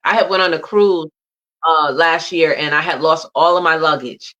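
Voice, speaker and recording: A woman's voice: low-pitched, moderate pace, fairly bright tone, rough recording. Woman from the USA preaching faith-based mindset. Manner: preachy, builds through repeated lists. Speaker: guest, mindset mentor. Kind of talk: faith-based motivational talk.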